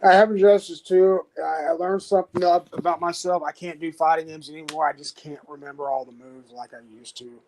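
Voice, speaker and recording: This man is a guest on a casual panel chat, with a slightly high voice that has a mellow, soft tone. He keeps things relaxed and low-key, chipping in with short asides. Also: brisk, hardly any pauses, poor audio.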